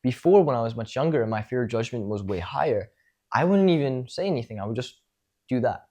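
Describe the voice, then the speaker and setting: A man's voice: medium pitch, lively intonation, fairly quick, warm tone. A man teaching social skills in a casual spoken lecture, talking things through and demonstrating tones of voice.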